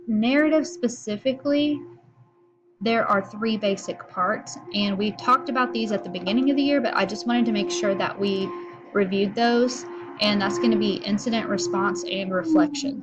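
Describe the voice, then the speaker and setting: A woman's voice: medium pitch, noisy background. A woman teacher recording a video lesson, explaining in a casual way with frequent fillers.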